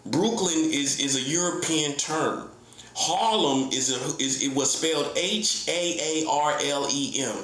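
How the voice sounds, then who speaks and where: Middle-aged guy ranting like a preacher, combative and repetitive, kinda high voice, roomy echo. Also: fairly bright tone. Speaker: self-styled prophet. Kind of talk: heated online monologue. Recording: echoey room.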